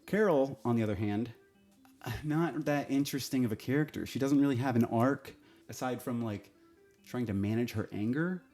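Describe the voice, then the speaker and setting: A man talks through a casual review in a blunt, opinionated way and swears without a second thought. His voice is warm and mellow, at an ordinary middle pitch. Faint music plays behind him. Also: normal speed. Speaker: TV show reviewer.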